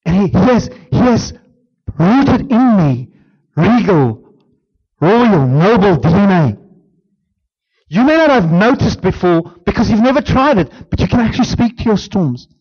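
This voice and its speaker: A man preaching a sermon as pastor, swinging from emphatic declarations down to hushed near-whispers. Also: high-pitched, sing-song, measured pace, slightly rough, dull audio.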